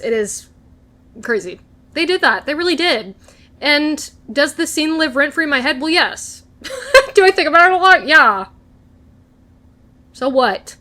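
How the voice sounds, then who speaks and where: A young woman chatting casually in a TV recap vlog, gushing and animated, laughing and swearing often. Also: high-pitched. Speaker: recap vlogger. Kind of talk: casual chat, excited TV recap.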